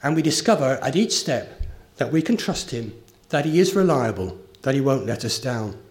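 A man's voice: medium pitch, big pitch swings, moderate pace. A man preaching a sermon, earnest and emphatic, with a story told along the way. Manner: earnest, rising emphasis on key phrases.

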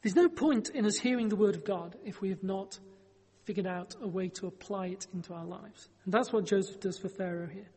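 A man's voice: high-pitched, a little fast, darkish tone, slightly rough, in a large hall. A man preaching a sermon, telling a Bible story in a conversational way with wry joking asides.

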